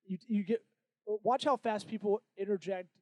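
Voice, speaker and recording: A man hosting a podcast in casual comedic chat, playful and jokey, breaking into loud bits. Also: sits high, fairly even intonation, normal speed, dry recording. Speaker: podcast host.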